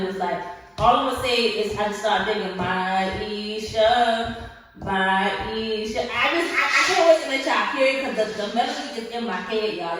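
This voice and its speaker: A woman's voice: medium pitch, fairly bright tone, distant mic, a little hiss or hum. A young woman chats to her viewers with sassy flair while she stretches, sprinkling in honey and hunty. She sounds tired and short on sleep. The mic sits well away from her in a very echoey room. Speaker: vlogger. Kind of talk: casual chat while stretching.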